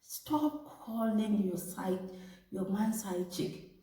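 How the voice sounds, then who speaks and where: A woman vlogger telling a personal story and giving relationship advice straight to her viewers, animated and talking to them as "ladies". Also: medium pitch, takes it slowly. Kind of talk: casual storytelling to camera. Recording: echoey room, distant from mic.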